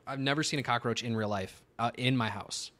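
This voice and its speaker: A man's voice: medium pitch, brisk, over a noisy crowd. A young man co-hosting a podcast in casual chat, blunt and laid-back with short replies. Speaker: podcast co-host.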